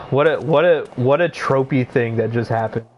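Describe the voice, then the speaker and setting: A young man streaming a game, rambling through casual commentary with lots of swearing and excited outbursts. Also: medium pitch, moderate pace, muffled recording, a little hiss or hum.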